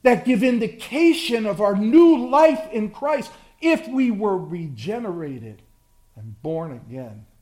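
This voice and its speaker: Brief: impassioned male pastor mid-sermon, high voice, slow and deliberate, big swings in volume. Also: sing-song. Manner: impassioned preaching, swinging from loud surges to hushed drawn-out words.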